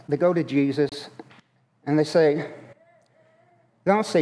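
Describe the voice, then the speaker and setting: A man's voice: a little high, slow pace, long pauses, warm tone. A man preaching a conversational sermon in a church, asking the congregation questions as he goes. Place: church sanctuary. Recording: long hall reverb.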